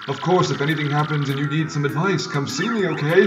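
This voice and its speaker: A man's voice: fairly high pitch, fast, close to an everyday voice. A man voicing a shriveled old male mushroom professor who lectures at length. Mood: lecturing. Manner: long-winded lecturing. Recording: distant mic with loud game music.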